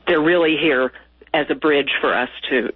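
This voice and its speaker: Husky-voiced female guest, earnest and heartfelt, dry dull radio sound. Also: sits low, normal speed. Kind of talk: casual radio interview.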